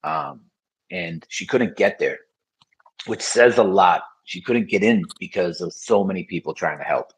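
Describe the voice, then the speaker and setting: A man's voice: deep voice, expressive, moderate pace, creaky, husky, rough recording. A man as a podcast guest, telling his story in frank, casual conversation with many fillers.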